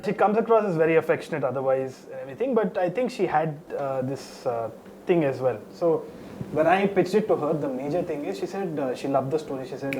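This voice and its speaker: Fast-talking animated man. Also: fairly high pitch, background noise. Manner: animated, laughing while telling anecdotes. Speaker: film director. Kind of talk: conversational interview answer.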